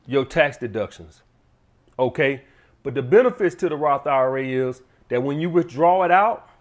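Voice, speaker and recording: A blunt man talks straight to his viewers in a casual, profane advice monologue, checking in with them again and again. His voice sits a little higher than most men's. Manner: blunt, profane, keeps addressing the audience as guys. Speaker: channel host giving money advice.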